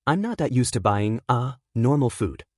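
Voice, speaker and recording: A man's voice: medium pitch, big pitch swings, normal speed, a little mellow, dry recording, studio quality. A man voicing an anxious teenage boy villain who is hurt and doubts himself, in a wavering, emotional delivery.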